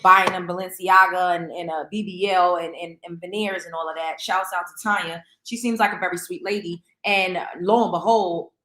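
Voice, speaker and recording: Middle-aged woman, gossip show host, emphatic, opinionated, bright voice, roomy echo. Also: lowish voice, steady tone, moderate pace, hardly any pauses. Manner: emphatic, opinionated, repeats herself for stress. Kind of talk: casual celebrity gossip commentary.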